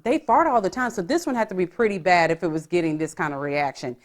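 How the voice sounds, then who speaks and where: A woman's voice: on the low side, quick pace. A woman podcast host, recapping a reality show in casual, profane, gossipy chat. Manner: profane, gossipy storytelling that acts out quotes.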